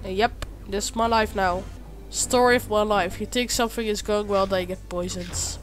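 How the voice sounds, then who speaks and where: A woman giving let's play commentary over a game she hosts, swearing a lot and often breaking into shouted, frustrated outbursts. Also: mid-range voice, steady tone, moderate pace, a little hiss or hum. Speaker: gaming video host.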